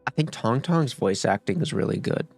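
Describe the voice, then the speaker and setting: A man's voice: medium pitch, expressive, normal speed, gravelly, a little mellow, no echo. A young man talks his way through a game in loose, rambling commentary, cursing freely and tripping over his own restarts. His voice sits in a middle register and sounds close and dry, with faint music playing underneath. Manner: rambling and profane, with many fillers and restarts. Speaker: gaming streamer. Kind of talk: casual gaming commentary.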